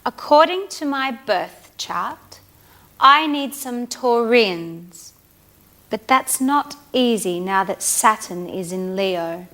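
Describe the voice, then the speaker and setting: A carefree, chatty young woman in a language course drama. Her voice is bright and a little high, and she talks slowly and lightly. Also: lively intonation, exaggerated voice. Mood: breezy.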